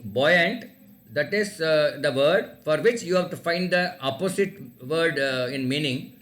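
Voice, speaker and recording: A man's voice: on the high side, expressive, measured pace, fairly bright tone. A man running an oral quiz for students, repeating each question and spelling words out letter by letter. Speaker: quiz teacher. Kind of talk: online class quiz, reading questions aloud.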